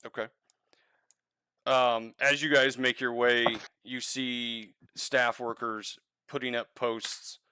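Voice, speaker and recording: A man leads a tabletop game as dungeon master, narrating scenes and speaking for the figures his players meet. He talks in a relaxed, halting way with many fillers. His voice is bright and crisp, and the recording is dry and close. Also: medium pitch, no echo.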